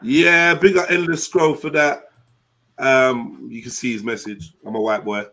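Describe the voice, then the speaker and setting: A man's voice: mid-range voice, steady tone, measured pace, a bit bright. A man hosting a live online panel discussion, speaking firmly and insistently. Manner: firm, insistent. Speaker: stream host.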